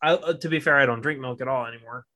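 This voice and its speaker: A man's voice: mid-range voice, fast, sharp tone. A man co-hosting a casual podcast, a father of two who tells laid-back stories, laughs often and swears casually.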